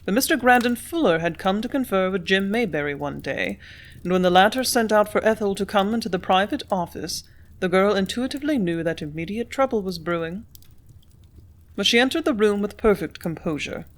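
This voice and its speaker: A woman reading a classic novel aloud in steady audiobook narration. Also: mid-range voice, a little fast. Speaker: audiobook reader.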